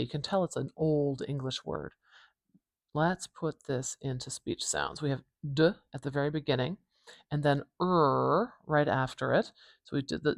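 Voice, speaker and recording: Calm woman teaching phonetics, dry sound. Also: sits low, no echo. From Canada. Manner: calm, unhurried, explains step by step. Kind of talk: relaxed ASMR-inspired phonetics lesson. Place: home room.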